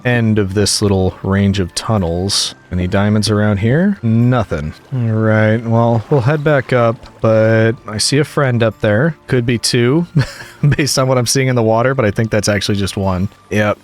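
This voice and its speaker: A man's voice: lowish voice, moderate pace. A man giving chatty, jokey let's play commentary, talking to the game's monsters as he plays. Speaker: gaming commentator.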